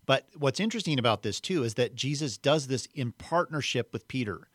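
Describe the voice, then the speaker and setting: A man's voice: mid-range voice, lively intonation, fairly quick, a bit bright, no echo, studio quality. A man reading a Bible passage aloud and then discussing it in a reflective, conversational way. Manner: reflective, uses computer metaphors. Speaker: co-host.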